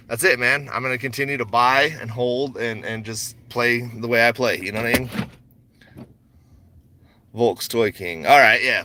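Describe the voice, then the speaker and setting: A man's voice: fairly low pitch, pushed and bright, a little hiss or hum. A man talking casually on a stock market livestream, rambling and slangy, with frequent laughs. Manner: rambling, laid-back, slangy, laughs often.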